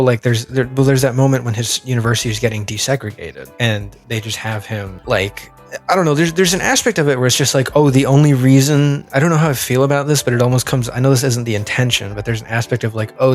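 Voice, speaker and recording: A man co-hosting a movie podcast, talking casually and haltingly with lots of fillers and restarts. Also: medium pitch. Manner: hesitant, many fillers and restarts. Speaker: podcast co-host. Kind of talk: casual chat.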